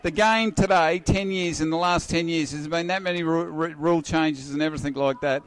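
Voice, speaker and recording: A man's voice: fairly high pitch, a little fast. An Australian man in his fifties, a guest giving blunt, rambling rants in pub chat and calling everyone mate. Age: 50s. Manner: forceful ranting, rambling, repeats words, calls everyone mate.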